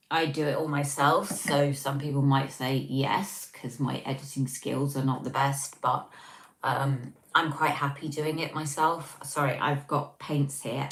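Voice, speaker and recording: Woman, livestream host, low voice, casual chat, self-mocking, filler ums, echoey room. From Scotland.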